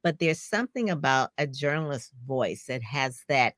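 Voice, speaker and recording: A woman with a low but very expressive voice hosts a casual interview. She asks questions in a loose, rambling way, often searching for the right word. The sound is dry and close, with little room echo. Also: normal speed. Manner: conversational and rambling, searching for words. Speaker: interview host.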